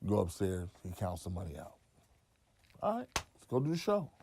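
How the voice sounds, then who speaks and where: A man being interviewed, telling a long profane story and acting out other people's quotes loudly. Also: sits low, huge pitch swings, moderate pace, creaky, slight background noise. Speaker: interview guest. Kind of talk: animated storytelling.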